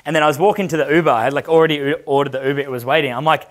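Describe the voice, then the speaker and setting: A man's voice: a little high, steady tone, rapid-fire. A man in his thirties, a dating coach, giving a casual seminar talk and answering audience questions in a brash, profane, storytelling way. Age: 30s.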